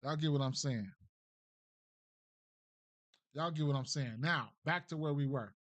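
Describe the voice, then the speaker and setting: A man's voice: on the high side, measured pace, a bit bright, no room sound. A man hosting a casual sports betting breakdown, loose and slangy, thinking aloud and checking in with "right?" as he goes. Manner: thinks aloud, trails off and restarts.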